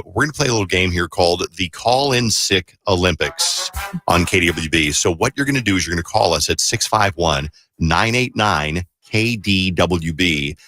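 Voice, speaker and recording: Man, morning radio host, low pitch, bright, filler-heavy chatter. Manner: rambling, many fillers and restarts. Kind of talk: casual morning radio banter. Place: radio studio. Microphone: studio microphone.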